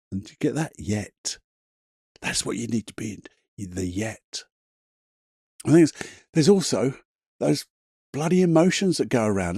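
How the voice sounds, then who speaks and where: A man's voice: mid-range voice, dark tone, breathy edge, no room sound, studio quality. A man hosting a solo motivational podcast, talking in a chatty, emphatic way, swearing casually and laughing at himself. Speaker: podcast host.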